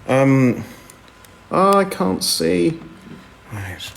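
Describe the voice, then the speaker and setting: A man's voice: on the high side, big pitch swings, drawn-out words, vocal fry, a little hiss or hum. Chatty man on a live stream. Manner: chatty, rambling, self-deprecating, reads comments aloud. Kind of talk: casual live stream chat. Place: indoors at home.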